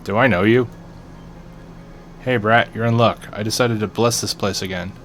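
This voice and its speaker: A man voicing a gruff, arrogant older bar regular who talks down to people. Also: lowish voice, fairly even intonation, moderate pace, fairly bright tone, soft background music, natural voice. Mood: cocky. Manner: cocky, condescending.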